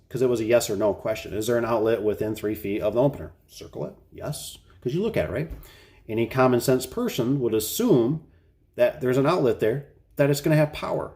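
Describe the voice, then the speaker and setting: A man's voice: mid-range voice, animated, fairly quick, darkish tone. A middle-aged man who runs a garage door business, chatting casually to camera about a frustrating job in a rambling, exasperated way.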